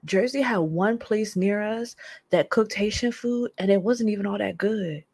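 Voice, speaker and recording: A young woman vlogging, telling a story in a casual, dramatic and animated way with lots of slang. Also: mid-range voice, moderate pace, breathy edge, no echo. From United States.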